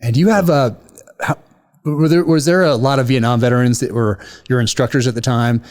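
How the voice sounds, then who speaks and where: A man in his forties, a former SEAL, hosting an interview and asking relaxed, conversational questions. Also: medium pitch, brisk. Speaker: podcast host, former SEAL. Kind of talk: interview host.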